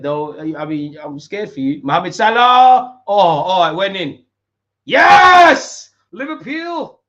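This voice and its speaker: A young man, commentating a football match live with street-slang banter and sudden shouts. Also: medium pitch, lo-fi sound. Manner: banter-heavy, mocking rival fans in street slang, bursts into shouts at big moments. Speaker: football watch-along streamer.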